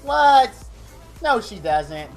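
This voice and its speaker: A man live-streaming a game, rambling excitably and thanking viewers in chat by name. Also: very high voice, drawn-out words. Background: faint game music.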